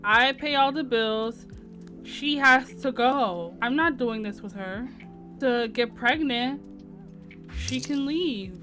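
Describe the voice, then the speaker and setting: A woman gives voice to an angry, strict father in a life-sim game. He is loud and insistent and hammers the same point again and again. The voice sits slightly high, with faint game music behind it. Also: slow pace. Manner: loud and insistent, repeating himself.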